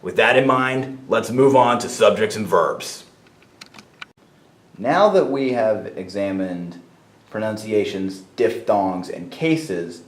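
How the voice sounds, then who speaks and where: Guy teaching a lesson real slow and methodical, lowish voice, echoey room. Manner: slow, methodical explaining, spelling out sounds. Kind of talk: spoken lesson. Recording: roomy echo.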